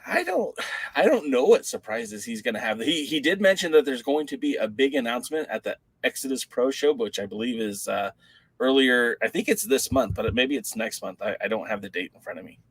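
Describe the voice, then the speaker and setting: A man co-hosting a podcast in casual chat, an animated storyteller who acts out the voices of the people in his stories. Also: mid-range voice, a little fast, husky, dry recording, low-quality recording. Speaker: podcast co-host.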